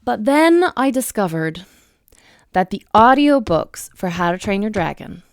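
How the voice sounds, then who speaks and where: Young woman, casual effusive reviewer, dry close sound, mid pitch. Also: sing-song, unhurried, no echo. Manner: chatty and effusive, with frequent fillers and restarts. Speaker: book reviewer. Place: home room with bookshelves.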